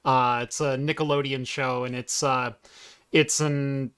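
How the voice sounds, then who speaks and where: A man co-hosting a casual tech podcast, chatty, with halting restarts. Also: medium pitch, flat delivery, a bit bright, clean tone. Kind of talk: casual chat.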